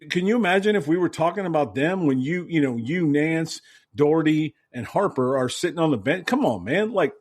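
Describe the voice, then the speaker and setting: A man co-hosting a podcast in casual sports chat, ranting emphatically and repeating himself for emphasis. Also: fairly high pitch. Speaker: podcast co-host.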